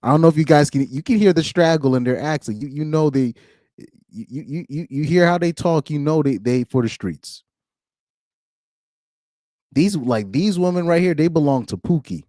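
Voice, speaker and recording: A man's voice: a little high, animated, normal speed, warm tone, dry recording, clean studio sound. A man giving blunt, ranting reaction commentary, laughing often between points. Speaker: commentary streamer.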